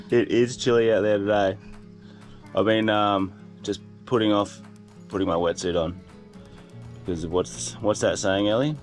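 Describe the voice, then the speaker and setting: Laid-back Australian man, low voice, music under. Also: slow, pauses often, darkish tone. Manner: laid-back, laughs often, storytelling. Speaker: vlogger. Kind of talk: casual vlog chat. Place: outdoors, coast and van. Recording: music playing over the voice.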